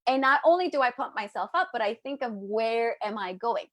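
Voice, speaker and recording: An energetic woman coaching her group live, playful and quick to act out little voices. Her voice sits high, and the close mic keeps it dry with no room sound. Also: no echo. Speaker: business coach.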